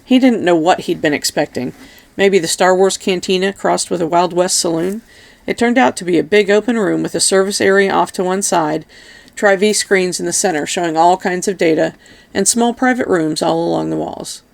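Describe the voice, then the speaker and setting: A woman reading an audiobook in a steady, even narration. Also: fairly low pitch, normal speed, creaky. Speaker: audiobook reader.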